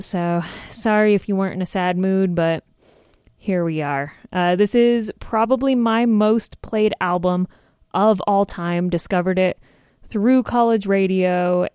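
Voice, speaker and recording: A woman's voice: medium pitch, unhurried, a little mellow, clear, resonant tone, no echo, studio quality. A young woman in her twenties hosting a college-style radio show, chatty and self-deprecating, laughing easily between song back-announcements. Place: radio studio.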